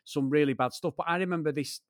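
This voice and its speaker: A man's voice: a little high, fast, dry recording, clean studio sound. Man telling rambling stories. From Greater Manchester, England. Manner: rambling storyteller, swears freely, keeps addressing his co-host. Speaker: podcast co-host. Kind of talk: casual chat.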